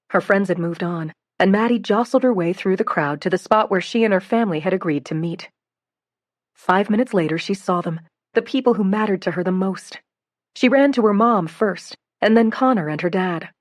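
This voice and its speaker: A woman reading a novel aloud as an audiobook narrator, in an expressive, steady storytelling way. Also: medium pitch, no room sound, clean studio sound. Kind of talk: scripted narration.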